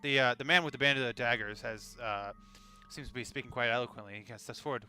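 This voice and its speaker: A man narrating as game master in a halting way, full of fillers and restarts. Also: medium pitch, sharp tone.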